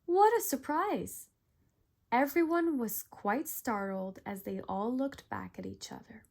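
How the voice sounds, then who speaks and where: A woman narrating a bedtime story in a calm, gentle way. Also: medium pitch, measured pace, gravelly.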